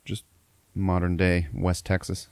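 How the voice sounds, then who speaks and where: A deep-voiced man with a gravelly, fry-heavy edge talks through a film plot on a podcast. He rambles in a loose, profane way, stacking fillers as he goes. The sound is dry and close. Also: monotone, a little slow, a little mellow, dry recording. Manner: rambling, profane, laughing storyteller. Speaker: podcast host. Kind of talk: casual movie recap.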